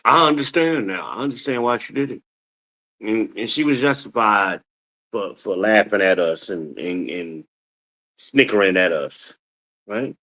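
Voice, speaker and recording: A man's voice: on the low side, unhurried, lo-fi sound. Scolding man preaching on a stream. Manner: animated, scolding, preacher-like cadence. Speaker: podcast host. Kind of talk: casual streamed monologue, preaching.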